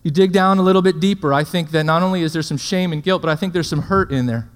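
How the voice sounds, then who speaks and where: A man's voice: a little high, fast. A man preaching a sermon, full of rhetorical questions and checking in with his listeners. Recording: long hall reverb.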